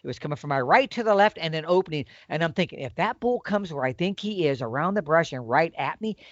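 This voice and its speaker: Man with a high, swooping voice, energetic storyteller, dull dry recording. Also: fast talker, no echo. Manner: excited, acts out quoted exchanges. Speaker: podcast guest telling a hunting story. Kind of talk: animated storytelling. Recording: dull lo-fi audio.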